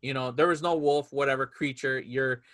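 A man's voice: medium pitch, normal speed. A man in casual movie chat, retelling scenes and acting out quotes in little voices. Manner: animated storyteller, acts out quotes in voices.

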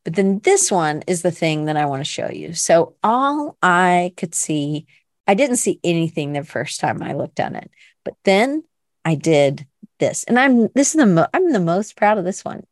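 A woman's voice: fairly low pitch, big pitch swings, moderate pace, no room sound, studio quality. A middle-aged woman from Canada hosting a casual online art class, chatty and rambling, full of fillers and restarts. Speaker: art workshop host.

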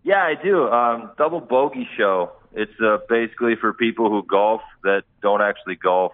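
A man's voice: lowish voice, normal speed. Man calling in, laid-back and joking, casual chat, tinny phone line. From Minnesota. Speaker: caller.

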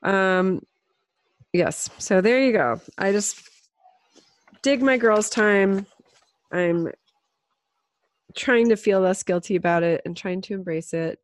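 A woman in her thirties, a mother, co-hosting a podcast in casual chat, self-doubting and quick to laugh. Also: medium pitch, dry recording. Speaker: podcast co-host.

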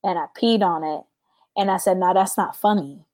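A woman in her thirties, a podcast guest telling stories in a chatty way, full of "like" and jumping high when she laughs. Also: moderate pace, mellow. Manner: chatty, says "like" a lot, jumps to high squeals when laughing. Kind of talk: casual storytelling chat.

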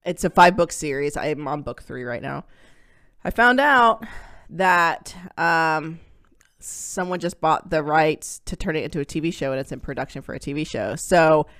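Female podcast host, casual and enthusiastic, lowish voice, dry close sound. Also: lively intonation, moderate pace, a bit bright, no echo. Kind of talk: casual chat.

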